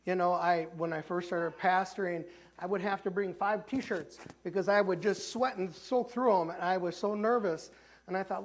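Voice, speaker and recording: A man's voice: high voice, normal speed. A man with a Midwestern American accent preaching a sermon as pastor in a church sanctuary, talking conversationally with many restarts. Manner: conversational preaching, frequent restarts, voices the characters he retells.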